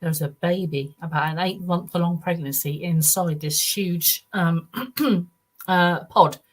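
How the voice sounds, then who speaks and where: A middle-aged woman, a guest on a podcast interview. She tells a first-person account earnestly, in a halting way with many restarts. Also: fairly low pitch, fairly even intonation. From United Kingdom.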